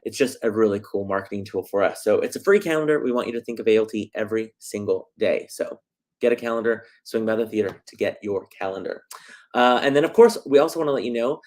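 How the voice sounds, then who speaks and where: Chatty excitable man hosting a show. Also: mid-range voice. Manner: chatty, excitable, lots of fillers. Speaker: theater talk show host. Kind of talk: casual livestream chat.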